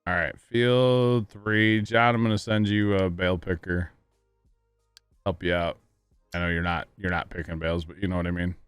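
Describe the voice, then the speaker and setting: Low-voiced man chatting on a game stream. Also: fairly even intonation, moderate pace, a bit bright, clean tone, dry recording, faint music behind. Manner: rambling, laughs at his own stories. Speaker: livestream host. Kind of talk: casual gaming stream chat.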